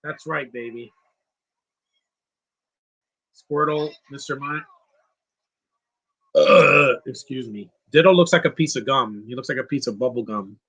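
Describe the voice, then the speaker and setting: A man's voice: medium pitch, unhurried, pauses often, a bit bright, breathy edge. A man hosting a casual live movie commentary, chatty and opinionated, reading out viewer questions and rambling with restarts. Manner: rambling with frequent restarts and laughs.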